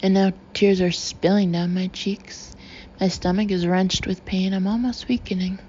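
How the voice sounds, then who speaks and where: A woman's voice: mid-range voice, steady tone, normal speed, dark tone, dull audio, slight background noise. A woman narrating a novel in the first person, telling it in an intimate, emotional way. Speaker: audiobook narrator.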